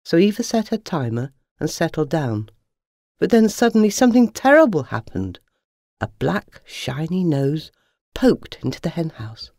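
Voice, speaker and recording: A storyteller reading a children's story aloud with lively, expressive narration. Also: medium pitch, normal speed, dry recording, studio quality.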